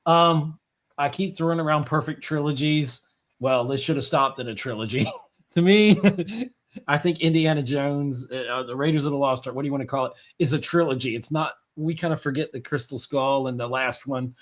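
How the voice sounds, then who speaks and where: A man on a casual movie podcast panel, enthusiastic and quick with asides. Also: medium pitch. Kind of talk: casual movie review chat.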